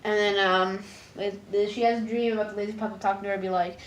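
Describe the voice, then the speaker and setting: A woman's voice: steady tone, quick pace. Rambling young-sounding woman recapping a cartoon. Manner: rambling, many "like"s and stumbling restarts; jumps into high, loud voices for characters. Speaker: episode reviewer. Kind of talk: casual episode recap.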